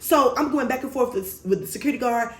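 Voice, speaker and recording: A woman tells a story to her viewers in casual storytime fashion, animated, blunt and full of swearing. Her voice sits a little higher than most, and the room around her rings with a clear echo. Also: quick pace. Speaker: vlogger.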